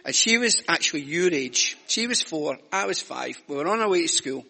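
An older man with a Scottish accent talks to children in a church service, joking at his own expense. His voice sits high and bright, with a husky edge. The sound rings with the long echo of a large church hall. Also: animated, moderate pace. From Scotland. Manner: chatty and self-mocking, jokes with children. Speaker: church speaker leading the children's talk.

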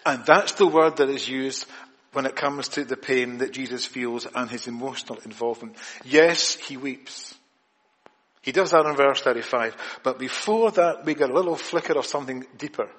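A man preaching a sermon, swinging between forceful, raised emphasis and hushed, quiet lines. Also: mid-range voice, moderate pace. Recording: long hall reverb.

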